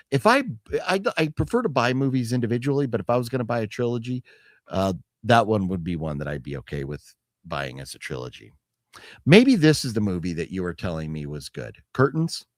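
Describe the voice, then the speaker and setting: A man's voice: fairly low pitch, big pitch swings, a little fast, dry recording, studio quality. A man hosting a casual chat about a movie haul, rambling with restarts and reading chat comments aloud. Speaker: show host.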